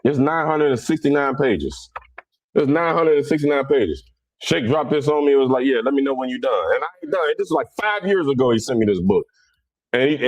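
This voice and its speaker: A middle-aged man from Cincinnati talks. He speaks bluntly and with a lot of energy, and his voice sits at an ordinary male pitch. His delivery is rough around the edges. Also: no room sound, muffled recording. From Cincinnati, USA. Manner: blunt, animated, rough-edged. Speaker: livestream host. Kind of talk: casual livestream talk.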